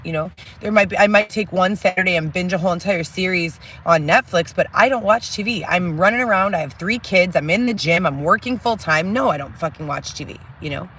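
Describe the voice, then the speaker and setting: A woman's voice: on the low side, brisk, a bit bright, husky. A woman vents straight to camera in a candid monologue. She talks bluntly and with heavy emphasis, swears freely and stacks one grievance on the next. Her sentences ramble, restart and run into long lists. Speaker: vlogger telling personal stories.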